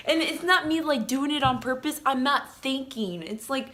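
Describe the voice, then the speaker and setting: A woman's voice: sits high, normal speed, a bit bright, a little hiss or hum. A young woman vlogging casually, telling a story in a rambling way full of "like" and "um", with giggles.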